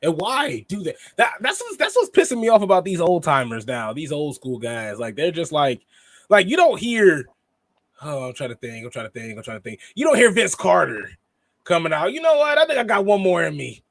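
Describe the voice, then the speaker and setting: A man's voice: fairly high pitch, wildly swooping pitch, moderate pace, fairly bright tone, dry recording. A man co-hosting a wrestling review podcast in rambling, slangy casual chat. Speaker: podcast co-host.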